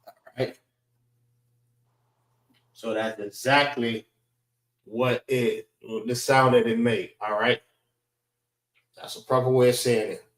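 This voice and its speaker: Male class instructor, slow and deliberate, drilling letter sounds; echoey classroom. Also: mid-range voice, fairly even intonation, fairly bright tone. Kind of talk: teaching a Hebrew alphabet class.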